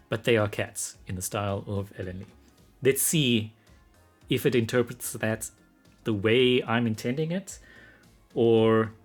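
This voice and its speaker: A man streaming live as an artist, thinking aloud in casual commentary, getting excited and laughing often. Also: on the low side, breathy edge.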